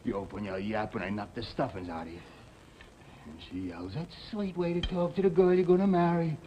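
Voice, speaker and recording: An actor playing a rough New bartender who grumbles in slang and mimics others' voices, in a 1960 television drama. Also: male voice, low voice, steady tone, brisk, dull audio, slight background noise, close to an everyday voice. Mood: agitated. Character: rough bartender, anxious and defensive.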